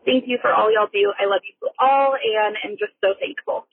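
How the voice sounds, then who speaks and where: A woman's voice: mid-range voice, normal speed, creaky, slight background noise. Woman caller, heartfelt voicemail, phone-line sound. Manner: sincere, heartfelt. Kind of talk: recorded voicemail message.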